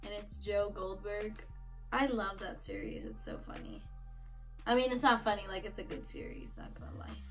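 A woman's voice: mid-range voice, very animated, moderate pace, fairly bright tone, faint music behind. A young woman hosting a casual solo podcast, recorded on her phone, giggling and swearing as she reads memes aloud. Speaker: podcast host.

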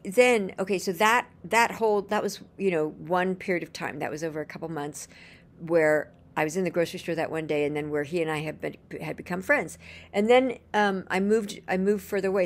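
A woman's voice: fairly low pitch, gravelly. A woman telling a personal story in a casual, earnest and gushing way, chaining events with "and then" as she rambles along.

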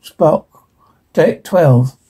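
A man's voice: a little high, very slow, mellow, breathy edge, heavily acted. A man reading the part of a cool, logical male alien officer asking detached questions.

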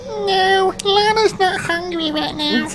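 A man voicing a tiny, excitable, childlike girl creature who squeals and talks about herself in the third person. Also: very high voice, slow, pitched above the performer's own voice, heavily acted.

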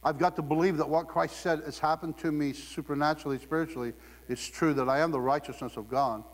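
A man delivers a sermon in a loose, joking way, laughing as he goes. His voice sits a little high. The sound rings with the long reverb of a large hall. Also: steady tone, fast. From Ohio. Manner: humorous, conversational, laughing often. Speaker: preacher.

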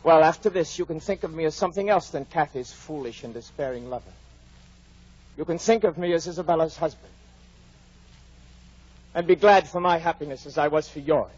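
An actor playing a brooding, bitter young man in a 1940s radio drama, cold and mocking with a husky voice. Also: on the high side, brisk, pauses often. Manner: cold, mocking, turning to fierce shouts. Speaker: Heathcliff. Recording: dull 1940s radio broadcast.

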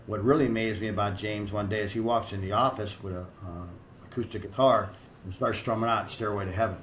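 A man's voice: fairly low pitch, steady tone, fairly quick, a bit bright, a little hiss or hum, rough recording. A middle-aged American man and strength coach telling blunt, profane, rambling stories in a casual interview.

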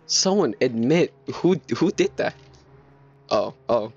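Excitable young man streaming a game. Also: mid-range voice, slow pace, slight background noise. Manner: excitable, rambling, repeats himself in bursts. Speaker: live streamer. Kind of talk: casual live gameplay commentary. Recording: dull lo-fi stream mic.

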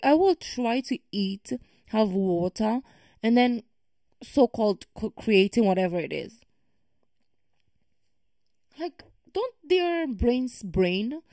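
Woman reaction creator, emphatic ranter, mellow voice, dry sound. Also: medium pitch, dry recording. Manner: ranting, emphatic and exasperated. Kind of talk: casual reaction commentary.

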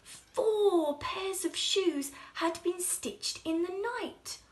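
Woman, children's story reading, high voice, slow, sing-song, expressive. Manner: expressive, sing-song, with soft whispered passages.

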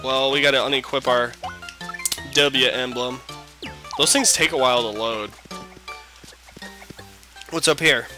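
A man's voice: medium pitch, fairly even intonation, a little slow, pauses often, pushed and bright, faint music behind. A young man giving casual, rambling gameplay commentary, joking and swearing. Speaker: let's play host.

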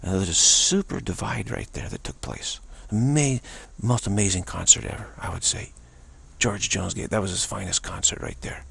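A man's voice: low voice, moderate pace, creaky, breathy edge. A man giving an informal spiritual talk as a teacher, telling stories with animation and often repeating and restarting his words. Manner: animated storyteller, acts out other people's voices.

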